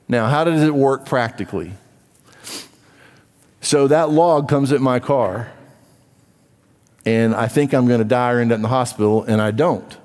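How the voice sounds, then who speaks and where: A man preaching a sermon as pastor, emphatic, dropping to low asides and rising to loud urging. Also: long reverb tail. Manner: emphatic, swings from low asides to raised exhortation. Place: church.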